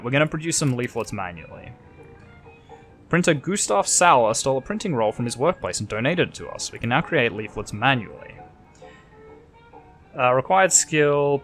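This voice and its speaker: A man's voice: medium pitch, expressive, normal speed, a bit bright, faint music behind. An Australian man hosting a let's play, chatting casually and thinking aloud while reading the game's text.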